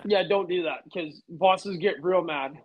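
Man, high voice, casual storyteller, swearing, lo-fi dull recording. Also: unhurried. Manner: laid-back storyteller, swears freely. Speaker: podcast guest. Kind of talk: casual chat.

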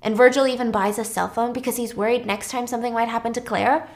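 Brief: high-voiced woman host, chatty and casual, recapping a film with frequent asides. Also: fairly even intonation, fast.

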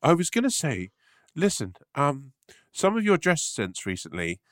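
A man voicing an overly polite man gently breaking bad news to a friend in a prim, careful voice. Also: fairly high pitch, huge pitch swings, normal speed, no echo, clean studio sound, voice pushed up. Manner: prim, careful, oddly wholesome put-on voice.

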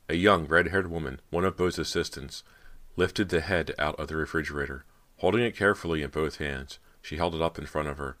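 A man reading a horror novel aloud as narrator, telling it in a measured, steady way. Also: a bass voice. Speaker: audiobook narrator.

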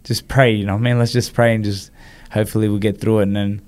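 A man's voice: on the low side, little pitch movement, quick pace, darkish tone, clear, resonant tone. A man, telling a personal story in an interview and acting out the quoted dialogue. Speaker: guest, former boxer.

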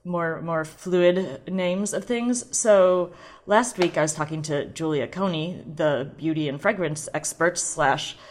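Woman wine podcast host, low-pitched voice, chatty, playful, rambling. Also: takes it slowly. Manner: chatty, tangent-prone, playful, giggly. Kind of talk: casual solo podcast chat.

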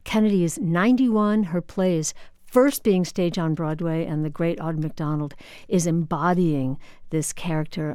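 A woman radio host chatting on air in an animated way, with plenty of fillers. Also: on the low side, normal speed, clean tone, dry recording, studio quality. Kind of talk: casual on-air chat.

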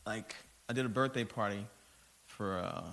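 A man who does stand-up comedy, telling profane stories in a casual podcast chat with big swings in loudness. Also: lowish voice, normal speed, vocal fry. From Texas. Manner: profane storytelling, animated swings in volume.

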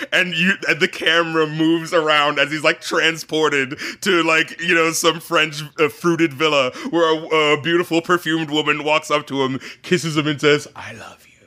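Animated man retelling a film, bright voice. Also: a little high. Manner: animated storyteller, acts out characters, laughs often. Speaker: podcast co-host discussing a film. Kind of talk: casual chat, retelling a film scene.

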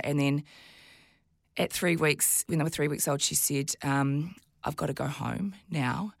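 A New Zealand woman in her forties, a guest on a talk show, telling her own story in an animated way and jumping up in pitch when she quotes herself. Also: creaky, no room sound, clean studio sound. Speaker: guest, TV presenter and mother of twins. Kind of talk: candid interview chat.

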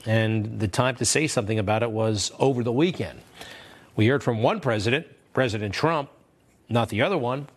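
Male TV news host, mid-pitched voice, sarcastic and combative delivery, repeats lines for punch, opinion commentary. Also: normal speed.

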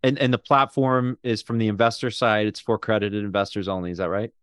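A man's voice: fairly low pitch, level tone, fast talker, a bit bright, smooth, no echo, clean studio sound. A man hosting an interview podcast, chatting casually, pushing back and laughing easily. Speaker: podcast host.

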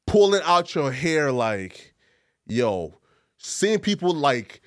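A man hosting a casual chat, animated and full of filler words. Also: fairly high pitch, slow pace, dry recording, studio quality. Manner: animated, lots of filler words, playful put-on accents. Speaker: podcast host.

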